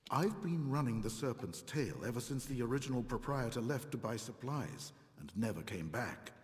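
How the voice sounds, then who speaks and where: An actor playing a weary male tavern keeper in a video game, speaking in measured, earnest dialogue. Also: mid-range voice, animated, natural voice. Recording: game audio with long reverb.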